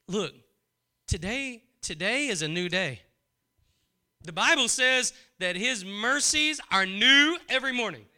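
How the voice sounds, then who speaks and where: A man preaching a sermon, often repeating his phrases and building in fervor before dropping to a hushed prayerful tone. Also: high voice, clear, resonant tone. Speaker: pastor.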